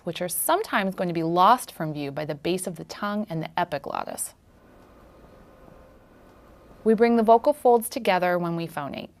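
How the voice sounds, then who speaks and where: A woman narrating a demonstration of a throat examination in a clear, measured, instructional way. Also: on the low side, slight background noise. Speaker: speech scientist demonstrating endoscopy. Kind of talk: explanatory narration.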